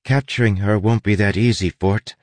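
A man voicing an anxious young woman, raised pitch. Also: fairly even intonation, moderate pace, dry recording, lightly acted. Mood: tense.

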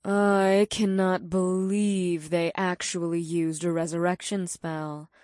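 A male audiobook narrator voicing a sultry, teasing succubus woman in a slow, purring delivery, pitched well above his own voice. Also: flat delivery, a little mellow, no room sound, clean studio sound. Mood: smug.

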